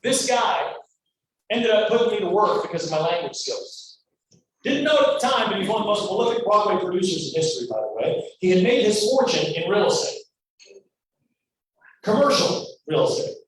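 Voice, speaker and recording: A man from Louisiana giving a motivational storytelling speech, animated and acting out every character in his story. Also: high-pitched, moderate pace. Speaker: guest speaker. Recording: echoey hall, mic far off, faint noise.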